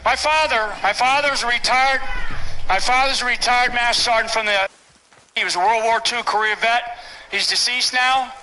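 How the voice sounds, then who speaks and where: A man's voice: very high-pitched, moderate pace, sharp tone, a little hiss or hum, rough recording. An older man speaking from a stage at a public event, emphatic and repetitive, often tagging lines with "right?". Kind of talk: rally speech.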